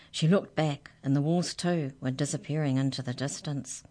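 A woman hosting a radio storytime, reading a children's book aloud in an expressive, gentle way. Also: sits low, normal speed. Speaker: storytime reader on community radio.

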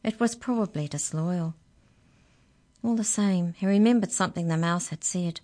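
A woman reading a children's story aloud, with gentle, chatty asides to young listeners. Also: lowish voice, moderate pace.

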